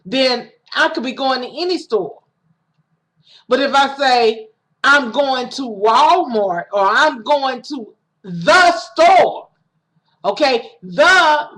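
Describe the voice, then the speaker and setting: A woman's voice: high voice, a bit bright. A woman giving a casual, self-recorded sermon, talking conversationally with restarts and acting out quoted lines. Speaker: preacher. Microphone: home recording setup.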